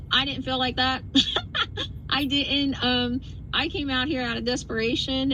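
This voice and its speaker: Woman trucker and trainer, animated talker, slightly high voice, faint noise behind. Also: highs cut off. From outside Philadelphia. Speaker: trucker and trainer, show guest. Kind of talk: casual podcast chat.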